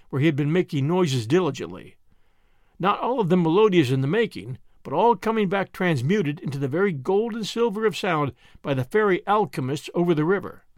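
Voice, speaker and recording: Male audiobook narrator, high voice, very lively intonation, dry close sound. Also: no echo. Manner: expressive storytelling. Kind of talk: scripted narration.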